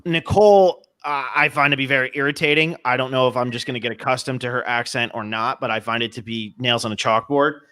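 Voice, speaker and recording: Man, from New Jersey, podcast host, bright voice, opinionated, self-deprecating. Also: medium pitch, quick pace, few pauses, clear, resonant tone. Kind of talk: casual podcast chat.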